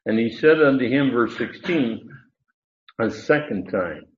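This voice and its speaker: Slow, deliberate male Bible teacher. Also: mid-range voice, expressive. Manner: explains Greek words, emphatic, self-correcting. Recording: tinny phone-like sound in an echoey room.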